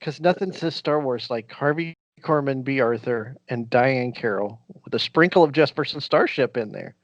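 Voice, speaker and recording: A man's voice: mid-range voice, normal speed, no room sound, dull audio. A man hosting a casual podcast, rambling through recaps with frequent laughs. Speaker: podcast host.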